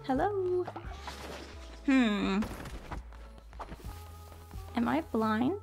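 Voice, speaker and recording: Streaming a game with music in the background, this woman speaks in a high voice with big pitch swings, drawn-out words, vocal fry, and a slightly mellow quality. She chats casually, apologizes, and warmly welcomes viewers by name.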